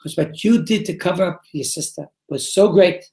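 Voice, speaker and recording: Man teaching a torah class, gravelly voice, asks the room questions and answers them himself, echoey. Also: high voice, normal speed, darkish tone. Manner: reads Hebrew text, then explains it in English. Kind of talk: Torah class before a live group.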